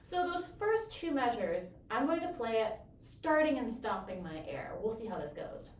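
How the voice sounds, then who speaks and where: A woman explaining bassoon technique in a clear, encouraging, step-by-step way. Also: very animated, normal speed. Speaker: bassoon teacher. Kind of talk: instructional explanation. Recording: roomy echo, from a distance.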